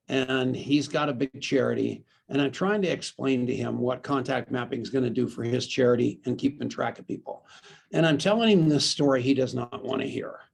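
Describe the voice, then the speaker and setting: Middle-aged man, gravelly and a touch husky, loud anecdote-teller as an interview guest. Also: mid-range voice. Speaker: guest, network marketer. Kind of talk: animated storytelling in an interview.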